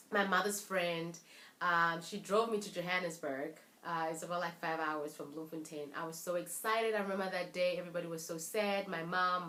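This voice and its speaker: A young South African woman with a South African accent, telling a personal story in a chatty, animated vlog and often restarting her sentences. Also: fairly low pitch, roomy sound. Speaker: vlogger.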